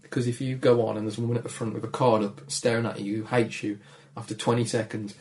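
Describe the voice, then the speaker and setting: A man with a Black Country accent and a gravelly voice talks quietly in a casual podcast conversation. His manner is shy and low-key, and he is quick to put himself down. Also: level tone. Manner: low-energy, shy, self-deprecating. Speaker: comedian guest.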